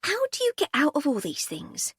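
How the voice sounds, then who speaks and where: Woman reading cheeky young barmaid, chatty, storybook, lively pitch. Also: moderate pace, dry recording, clean studio sound. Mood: playful. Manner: chatty, playful, dialect grammar.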